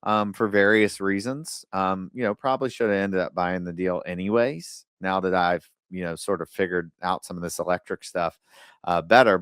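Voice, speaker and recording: A man hosting a podcast, giving casual advice in a blunt, animated way with the odd curse word, acting out other people's lines in quick asides. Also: mid-range voice, no echo, studio quality. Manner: blunt, animated storytelling with occasional swearing. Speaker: podcast host.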